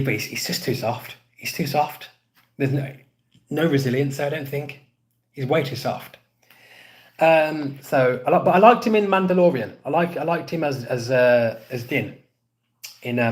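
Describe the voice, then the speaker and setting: A man hosting a casual podcast live stream, rambling and repeating himself as he answers chat comments. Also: mid-range voice. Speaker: podcast host.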